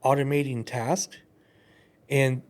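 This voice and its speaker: A man talking casually on a podcast, telling animated stories and acting out quoted voices. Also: medium pitch, takes it slowly.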